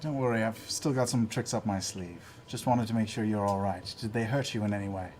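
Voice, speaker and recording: A man's voice: fairly low pitch, brisk, darkish tone, a little hiss or hum, natural voice. Man playing an anxious gnome father. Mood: gentle. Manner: earnest, stammering, pleading. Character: anxious middle-aged gnome father, a bard. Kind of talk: tabletop role-play.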